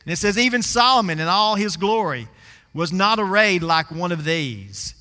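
A man's voice: high voice, expressive, moderate pace, bright, forceful tone, big-room sound. A man preaching a sermon, telling a folksy story and stretching out scripture words for emphasis.

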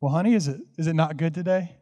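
A man doing a gentle grandmother. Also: fairly high pitch, fast, no echo, close to an everyday voice. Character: gentle, kindly elderly grandmother.

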